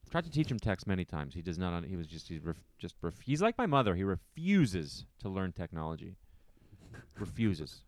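A man's voice: deep voice, big pitch swings, a little fast, dry recording. A man chatting casually on a podcast, self-deprecating and emphatic, often repeating his points. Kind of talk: casual chat.

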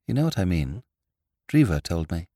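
A man's voice: low-pitched, very animated, normal speed, warm tone, no room sound, clean studio sound. A man reading aloud voices an ardent young man who speaks urgently and with rising passion. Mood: pressing. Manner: urgent, pressing, growing impassioned.

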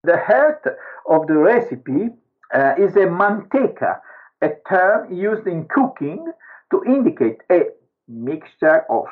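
A man's voice: high-pitched, slow pace. Man on a tinny clip. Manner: hesitant, with many fillers, and animated. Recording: tinny phone-like clip with music behind.

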